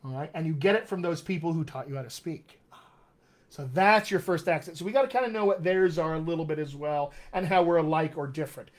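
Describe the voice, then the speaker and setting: A man's voice: on the high side, brisk. A middle-aged man, a dialect coach, teaching in a live online question-and-answer session, upbeat and encouraging as he speaks straight to his viewers.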